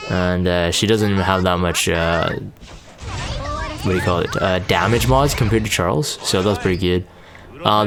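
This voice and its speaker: Sleepy, low-voiced man commentating a game. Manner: relaxed, many fillers and restarts. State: sleepy, just woke up. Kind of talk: casual gameplay commentary.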